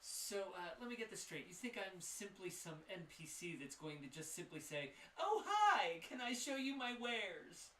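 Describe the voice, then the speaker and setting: A man putting on a high, excitable old shopkeeper. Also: normal speed, few pauses, slight background noise, heavily acted. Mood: playful. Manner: high excited voice, joking and theatrical. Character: lonely eccentric male village shopkeeper, chatty and quick-witted. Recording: echoey room, mic at a distance.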